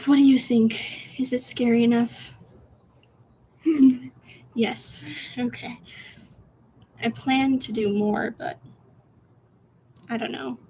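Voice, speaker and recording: A woman streamer reading her own spooky story aloud, soft and whispery, with giggly asides to chat. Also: a little high, a little hiss or hum.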